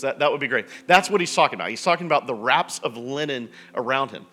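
A man preaching a sermon in a relaxed, conversational storytelling way, with frequent restarts and asides. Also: medium pitch, quick pace, few pauses. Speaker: pastor.

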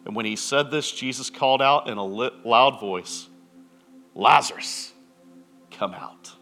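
A man preaching a sermon in a relaxed, conversational storytelling way, with frequent restarts and asides. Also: medium pitch, moderate pace, faint music behind. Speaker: pastor.

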